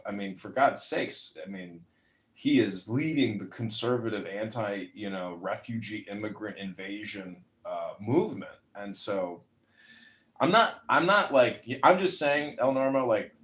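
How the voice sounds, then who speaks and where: Boastful rambling man, lowish voice. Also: fairly bright tone, roomy sound. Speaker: audio chat room speaker. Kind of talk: casual chat.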